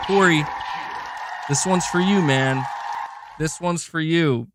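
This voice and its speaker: A young man hosting a casual live stream, excitedly thanking members and chatting while doing curls. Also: on the high side, slow pace, long pauses, over music. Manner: excitable, reads out member gifts, chats while exercising. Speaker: livestream host.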